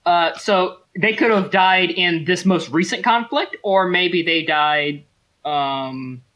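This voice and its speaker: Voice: mid-range voice, slow, fairly bright tone. A game master running a tabletop role-playing game, explaining the setting at length with many ums and restarts.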